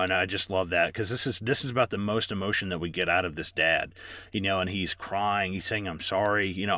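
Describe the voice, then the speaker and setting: A man's voice: sits low, sharp tone. A man co-hosting a podcast, recapping a horror movie in casual, rambling chat full of fillers and swearing. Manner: rambling, filler-heavy, profane. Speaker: podcast co-host.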